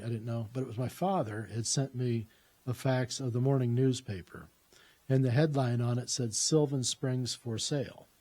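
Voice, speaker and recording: A man's voice: mid-range voice, warm tone. A man telling a personal story in a casual, rambling way, with lots of "uh" fillers and restarts.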